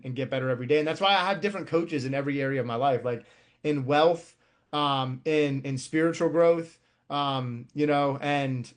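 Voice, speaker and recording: A man in his thirties, a youth baseball coach and podcast guest, talking bluntly and profanely in casual chat. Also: mid-range voice. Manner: blunt and profane, heavy on filler words.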